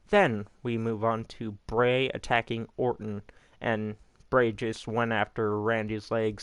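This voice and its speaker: A man recapping results in a slow, unhurried delivery, rambling and opinionated and not shy about swearing. His voice is smooth and clear, recorded close in a dry room. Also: medium pitch, no echo. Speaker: YouTube wrestling recap host. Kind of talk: casual recap commentary.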